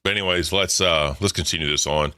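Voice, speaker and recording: A man co-hosting a casual livestream, rambling and self-correcting with a very deep voice and lots of "right?". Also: fairly even intonation, fast talker, pushed and bright, clear, resonant tone, no room sound, studio quality. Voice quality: very deep low voice. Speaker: co-host.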